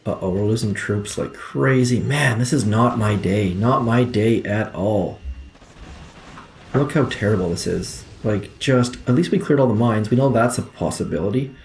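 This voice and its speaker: A man's voice: fairly low pitch, moderate pace, gravelly, slight background noise. A young man giving casual gameplay commentary from home, muttering frustrated, self-deprecating remarks as he plays. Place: home room.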